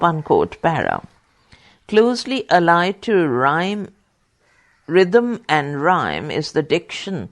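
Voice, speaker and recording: A deliberate reader voicing a study text for blind listeners, pausing to name each comma, quote and full stop. The pace is unhurried and the pitch rises and falls expressively. Small slips get corrected right away. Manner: reads punctuation marks aloud, careful and deliberate; corrects own slips aloud. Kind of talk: reading a textbook aloud for blind listeners.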